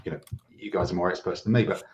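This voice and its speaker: A British man joining a podcast as a guest over a remote call, telling relaxed anecdotes. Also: low-pitched, quick pace. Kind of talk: casual podcast chat, remote. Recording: dull lo-fi remote line with faint hiss.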